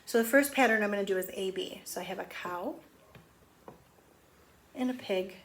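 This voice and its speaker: Gentle woman teaching young children. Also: mid-range voice. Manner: gentle, slow counting, sing-song encouraging tone. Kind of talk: remote lesson for young children.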